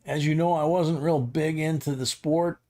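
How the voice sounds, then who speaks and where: A man's voice: fairly high pitch, fairly even intonation, normal speed, warm tone. A middle-aged man hosting a livestream, rambling through a casual anecdote with chuckles. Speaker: livestream host.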